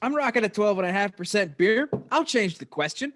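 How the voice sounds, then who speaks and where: Man, podcast host, playful quizmaster, high voice, very lively pitch. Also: fairly quick. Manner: playful quizmaster, mock-formal. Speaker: podcast host running a quiz. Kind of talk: casual chat. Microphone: video call.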